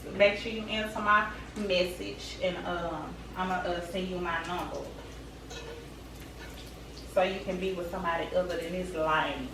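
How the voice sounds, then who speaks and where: A man's voice: high-pitched, fairly even intonation, moderate pace, far from the mic, background noise, pitched below the performer's own voice. A woman doing a smug, cocky young man. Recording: echoey room, voice off-mic.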